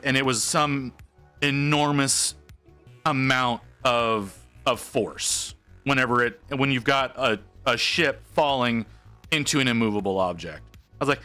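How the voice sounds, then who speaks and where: A man casually telling an animated, wry story while painting on a stream, with lots of restarts. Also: mid-range voice, unhurried, soft background music.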